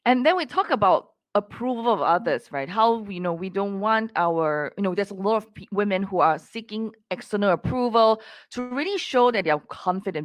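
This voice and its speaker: A woman hosting a podcast, asking interview questions in a measured, reflective way. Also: mid-range voice, no echo. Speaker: podcast host.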